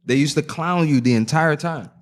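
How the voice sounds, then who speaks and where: A man's voice: on the high side, normal speed. A man co-hosting a podcast, teasing his friends in casual banter. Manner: teasing, joking reassurance. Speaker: podcast co-host. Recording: noisy recording.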